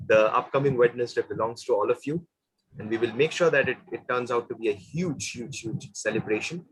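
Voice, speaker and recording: A man's voice: medium pitch, brisk, a bit bright, breathy edge, rough recording. A man hosting an online club meeting, upbeat, encouraging and playful with the members. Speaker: meeting host.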